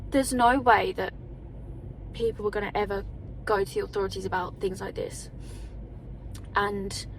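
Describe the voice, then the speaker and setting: A woman speaks straight to her phone camera in a confessional vlog, her voice sitting at an ordinary middle pitch. She pours out feelings with lots of fillers and nervous laughs, and a faint hiss sits under the recording. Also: fairly even intonation, moderate pace. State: tearful at times. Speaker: vlogger. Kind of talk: candid personal vlog to camera.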